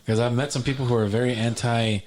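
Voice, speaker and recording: A man's voice: mid-range voice, steady tone, quick pace, darkish tone, slight background noise. A man co-hosting a podcast, chatting in an easygoing way and often repeating words. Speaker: podcast co-host. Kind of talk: casual chat.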